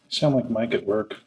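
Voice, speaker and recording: A man's voice: on the low side, darkish tone. A man, the host's partner, teasing and joking in a home kitchen during a cooking vlog. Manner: teasing and wry. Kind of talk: casual chat. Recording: dull lo-fi sound.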